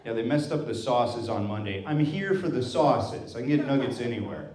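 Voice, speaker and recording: A man's voice: medium pitch, lively intonation, moderate pace, darkish tone. Wry self-deprecating male comedian. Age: 30s. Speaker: stand-up comedian. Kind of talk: stand-up set. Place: brewery venue with a live audience. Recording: echoey room with a crowd.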